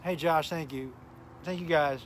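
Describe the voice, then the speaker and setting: A middle-aged comedian hosting a live smoking stream chats and tells stories in a loose, rambling way, pausing his tale to greet viewers. His voice is a little high for a man, steady, unhurried, and worn and tired, as he's recovering from illness. A faint hum runs in the background.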